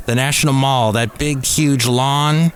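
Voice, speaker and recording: A man's voice: mid-range voice, fairly even intonation, measured pace, a little hiss or hum. A man in his fifties hosting a casual solo podcast from a café. He rambles through the news with self-deprecating asides. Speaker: podcast host. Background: faint background music.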